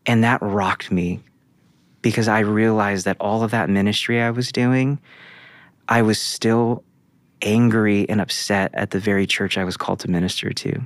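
A man's voice: fairly low pitch, steady tone, moderate pace, no echo. A man, a guest prophet, telling his testimony in an interview with earnest storytelling. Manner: earnest storytelling with quoted dialogue.

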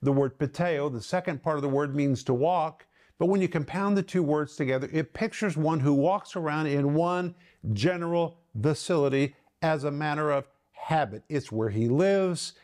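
A middle-aged man hosting and teaching the Bible on a ministry broadcast, earnest, slowing down and lifting his voice to stress key words. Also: on the high side, a little mellow. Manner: earnest, slows and lifts his voice for emphasis.

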